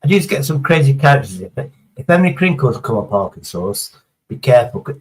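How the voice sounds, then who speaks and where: A man's voice: medium pitch, very animated, moderate pace, low-quality recording. A man chatting casually on a live stream, rambling through a story and swearing heavily as he reads the chat.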